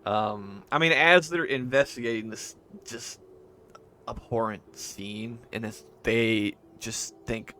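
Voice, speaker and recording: A man's voice: mid-range voice, slow, bright, forceful tone. A man running a tabletop game, narrating casually and rambling with lots of fillers and restarts. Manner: mutters to himself while searching notes. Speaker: game master.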